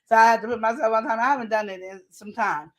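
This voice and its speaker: Woman co-host, casual talk show chat, animated and given to acting out quotes. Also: a little high, fast talker. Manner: animated, acts out quoted voices; laughs often. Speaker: podcast co-host. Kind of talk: casual chat reading viewer comments.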